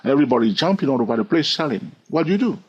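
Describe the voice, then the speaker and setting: A man teaching a trading lesson, animated and asking the listener rhetorical questions. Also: medium pitch, rapid-fire, husky. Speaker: trading educator. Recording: dull lo-fi audio.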